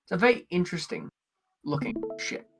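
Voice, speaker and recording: A man's voice: high-pitched, wildly swooping pitch, brisk, vocal fry, fairly bright tone, slightly rough, soft background music. A man narrating a tabletop game as game master, describing the scene in a rambling way with many fillers.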